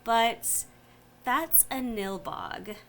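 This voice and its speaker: A woman running a tabletop game, describing the scene with a playful touch. She speaks slowly, her pitch rising and falling a lot. There is a faint hiss behind her voice. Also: expressive. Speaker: game master.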